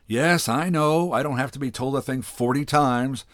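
A man's voice: fairly low pitch, lively intonation, a little slow, darkish tone, dry recording, studio quality. A man voicing a vain, petulant society woman who huffs and sulks in a storybook reading. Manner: huffy, sulky retorts.

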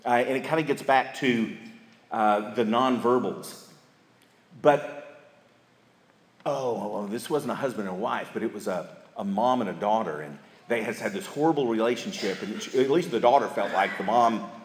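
A man's voice: fairly low pitch, normal speed. Man, marriage seminar speaker, folksy storyteller, echoey hall, long reverb. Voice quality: folksy, storytelling with emphatic repetition. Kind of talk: church seminar talk. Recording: echoey hall with live audience.

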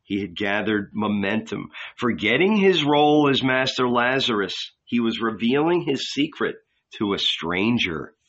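A male narrator reads a novel at a slow, measured pace with dramatic weight. His voice is bright and forward. The recording sounds slightly dull and muffled. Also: on the low side, animated. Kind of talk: audiobook reading.

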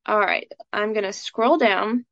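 A scholarship coach coaches a student through a live session, her mid-range voice a little slow and a bit bright. She's chatty and casual, filling her speech with "like" and "um." There's no room sound, but the recording has a dull lo-fi quality.

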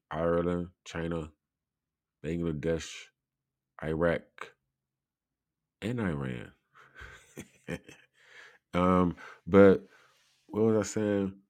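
A man with a very deep voice hosts a laid-back live show, drifting from point to point at an unhurried pace. He laughs often and fills his talk with little asides. The sound is close and dry. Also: darkish tone, smooth, no echo. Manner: rambling, laughs often, many fillers. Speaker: show host. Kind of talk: casual live-show chat.

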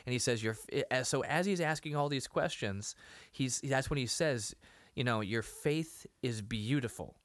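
A man's voice: mid-range voice, moderate pace, a bit bright, dry recording. A man co-hosting a podcast, casually retelling a TV episode and acting out the scenes with frequent laughs. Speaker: podcast co-host.

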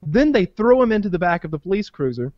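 Man, rambling storyteller, swearing, very lively pitch, slightly dull dry recording. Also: fast, no echo. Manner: rambling, profane storyteller, many restarts. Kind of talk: casual podcast chat.

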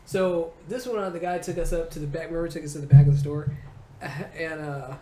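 A comedian in her forties tells a childhood story in an interview, lively and laughing, acting out the people in it. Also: low-pitched, fairly quick. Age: 40s. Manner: animated, acting out voices, laughing. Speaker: comedian guest. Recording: roomy echo, faint noise.

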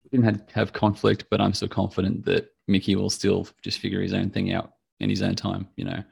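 Deep gravelly husky man. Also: monotone, fairly quick, a little mellow. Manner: brief backchannel agreement. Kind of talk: casual discussion.

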